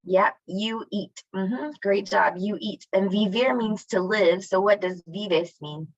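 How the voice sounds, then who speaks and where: Taking it slowly, a woman with a mid-range voice teaches an online Spanish class. She encourages students by asking questions and praising their answers, and the video call audio is dull and lo-fi, with no echo.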